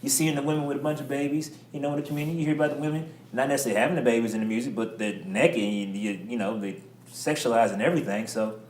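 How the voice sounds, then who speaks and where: A man's voice: medium pitch, very fast, darkish tone, roomy sound, a little hiss or hum. A man on a discussion panel who works with young people in a juvenile detention center, speaking emphatically and often asking "you know what I'm saying".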